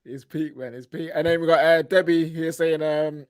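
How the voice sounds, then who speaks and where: A laid-back young man hosts a fan podcast in a fairly high voice. He talks in loose slang with stumbling restarts, and the sound is close and dry. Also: steady tone, moderate pace, hardly any pauses, no echo. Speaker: podcast host reading super chats. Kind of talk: casual podcast chat.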